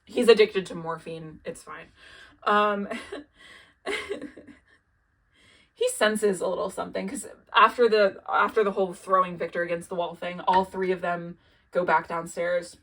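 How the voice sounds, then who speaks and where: Low-voiced young woman rambling casually. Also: fairly even intonation, unhurried, long pauses, fairly bright tone. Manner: rambling, filler-heavy, swears freely, laughs at her own asides. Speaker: show recap vlogger. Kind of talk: casual chatty recap.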